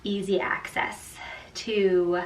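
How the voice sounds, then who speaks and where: A woman's voice: medium pitch, level tone, very slow. A young woman and new mother chatting casually about her outfits, with many "like" and "um" fillers. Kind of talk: casual outfit try-on chat. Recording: roomy echo, distant mic, faint room noise.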